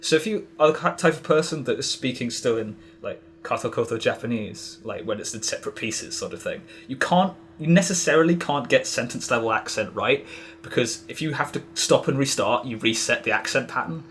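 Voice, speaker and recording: A man's voice: medium pitch, animated, fairly quick, fairly bright tone, slight background noise. A man as a podcast guest, explaining in a rambling way with many restarts. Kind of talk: casual podcast conversation.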